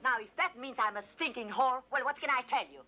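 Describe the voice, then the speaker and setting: A passionate, quick-tempered woman in an old film drama. Her voice is bright and forceful. Faint music plays under her. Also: high voice, highs cut off. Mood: bitter. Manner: hot-tempered, then tender and hushed. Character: fiery, passionate woman, torn between two loves. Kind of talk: 1970s film drama dub.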